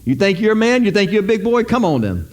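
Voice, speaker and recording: A man's voice: high voice, very animated, fast talker, pitched above the performer's own voice. A man preaching a sermon voices God as a sarcastic, challenging male figure who taunts Job. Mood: taunting. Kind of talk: sermon retelling with acted quotes.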